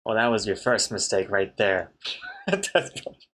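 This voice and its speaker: Very animated yet measured in pace, a comic artist with a lowish, slightly bright voice chats on stream. He reads out what viewers write and laughs at their jokes.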